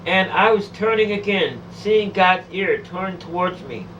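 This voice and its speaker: A woman's voice: fairly low pitch, expressive, unhurried, fairly bright tone, a little hiss or hum. Woman, dramatic first-person testimony, pleading, emotional, repetitive, dull distant recording. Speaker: storyteller recounting a near-death experience.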